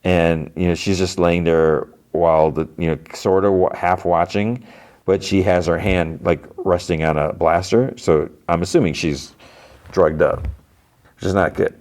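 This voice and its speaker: A deep-voiced man talks through a TV episode for his podcast, scene by scene. His retelling rambles, full of fillers, false starts and quick paraphrased lines of dialogue. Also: steady tone, darkish tone. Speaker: podcast host. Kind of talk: casual episode recap.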